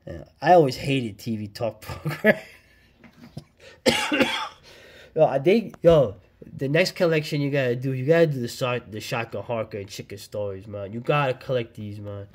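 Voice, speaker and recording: A man hosting a casual vlog, reviewing an old comic book with excited, slangy chatter and frequent laughs. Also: mid-range voice, moderate pace.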